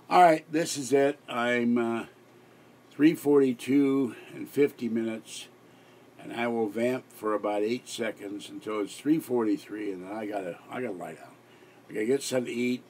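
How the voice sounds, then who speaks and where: A man's voice: on the low side, a little mellow, slight background noise. An exhausted older man who hosts a live stream, rambling and giggling with many restarts late at night. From Pittsburgh area. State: exhausted, sleep-deprived.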